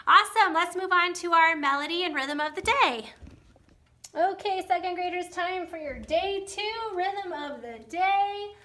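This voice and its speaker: A woman music teacher giving a recorded lesson to young children, coaching them through warm-ups and rhythms in an encouraging way. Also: high voice. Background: piano accompaniment.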